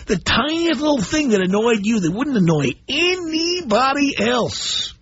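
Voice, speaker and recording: A middle-aged man hosting a call-in radio show, blunt and animated as he tells stories to his listeners. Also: extremely high pitch, unhurried, few pauses, slightly rough, no room sound. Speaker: radio talk show host. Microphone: studio microphone. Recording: dull broadcast audio.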